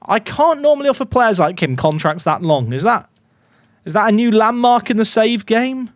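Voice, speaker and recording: A man's voice: sits high, expressive, moderate pace, dry recording. A man casually commentating on his football management game, chatty and full of joking asides to his viewers. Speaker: gaming YouTuber.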